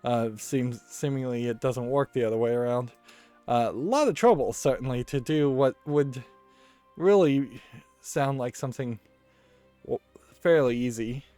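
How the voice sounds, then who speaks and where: A man's voice: medium pitch, a little slow, warm tone, clean tone, faint music behind. A man giving casual commentary while playing a card game, rambling and thinking aloud and often correcting himself. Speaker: let's play host.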